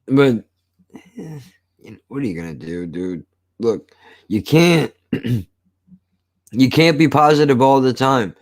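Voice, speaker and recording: A man with a rough voice worn down by smoking, chatting casually as a host in a blunt, profane, cynical way. His pitch sits in an ordinary middle range and the sound is dry and close. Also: expressive, takes it slowly, long pauses, no room sound. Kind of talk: casual chat.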